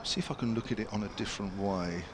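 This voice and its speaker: A man's voice: fairly low pitch, fast, noisy background. A man commentating live on a cricket match from the ground, chatty and full of asides to his co-commentator.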